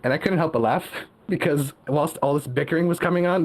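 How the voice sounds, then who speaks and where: A young man with a brisk, somewhat high voice calls in as a guest and tells a workplace story in casual chat. He laughs often and keeps restarting his sentences.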